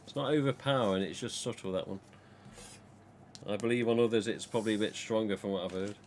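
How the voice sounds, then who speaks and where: A man's voice: on the low side, fast, a little hiss or hum. A man, hosting a casual live stream about collectible masks and reading viewer comments aloud in a rambling, chatty way.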